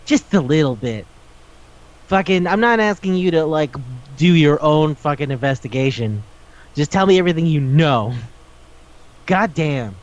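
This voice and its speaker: A man's voice: fairly high pitch, lively intonation, moderate pace, long pauses. A man co-hosting a casual podcast, ranting with exasperation and swearing as he talks through a manga. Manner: profane, exasperated ranting with acted-out quotes. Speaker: podcast co-host. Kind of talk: casual chat reviewing a manga. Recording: dull lo-fi audio.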